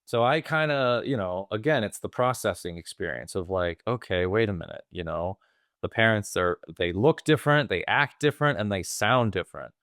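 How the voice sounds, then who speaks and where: A man co-hosting a movie podcast, sharing his reactions in an easygoing, measured way. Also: on the low side, lively intonation, fairly bright tone, no room sound, studio quality. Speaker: podcast co-host. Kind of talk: casual film discussion.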